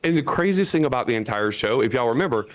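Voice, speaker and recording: A man in his thirties from Florida performs a stand-up set for an online comedy show, speaking from a chair. His voice sits at a middling pitch and turns animated, jumping up high whenever he quotes other people. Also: fast talker. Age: 30s.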